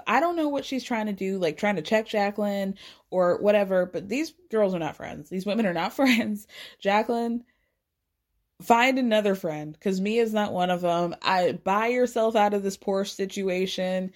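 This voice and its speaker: A woman chatting casually as a podcast host, retelling drama in a sarcastic, animated way and swearing freely. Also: mid-range voice. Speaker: podcast host recapping a reality show. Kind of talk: casual chat.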